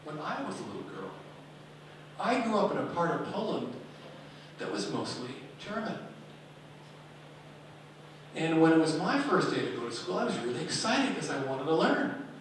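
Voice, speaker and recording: A man doing a stern, calm schoolteacher. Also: fairly high pitch, slight background noise. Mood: storytelling. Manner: measured, stern storytelling. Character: firm, calm female schoolteacher. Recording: echoey hall, speaker far from mic.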